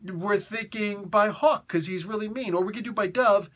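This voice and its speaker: A man's voice: sits high, moderate pace, voice pushed up. A man doing a nervous, eager staff writer. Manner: hesitant, eager to please. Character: nervous male staff writer pitching ideas.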